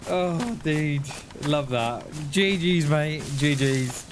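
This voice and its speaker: A man talks to his viewers during a live game stream, slow and unhurried, his voice sitting a little high. He laughs often and keeps calling people mate. Clear noise runs behind him. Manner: laughing, chatty, addresses chat as mate. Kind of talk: live gameplay stream chat.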